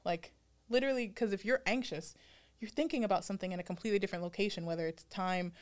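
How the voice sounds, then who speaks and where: A woman's voice: mid-range voice, quick pace. A woman co-hosting a podcast in casual, reflective chat, laughing often and putting on playful voices for her inner thoughts. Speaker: podcast co-host.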